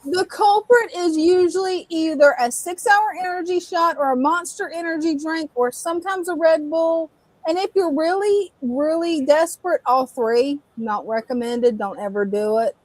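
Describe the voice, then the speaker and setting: A woman with a high voice co-hosts a live stream, chatting easily and laughing along with her co-host. The sound is dry, with no room echo. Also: a little mellow. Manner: chatty, quick to laugh and agree. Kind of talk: casual chat, reading viewer comments.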